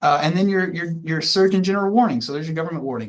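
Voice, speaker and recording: A man's voice: fairly high pitch, very fast, hardly any pauses. A man teaching a class, walking through the details in a casual, rambling way with many fillers and restarts. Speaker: instructor. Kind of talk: classroom lecture.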